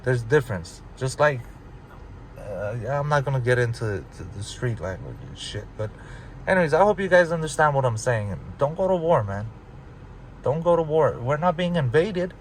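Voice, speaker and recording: A man's voice: mid-range voice, sing-song, moderate pace. Profane ranting man on a noisy street. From Los Angeles, United States. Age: 30s. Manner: profane, rambling, emphatic, repeats himself. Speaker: vlogger. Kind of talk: casual rant to camera.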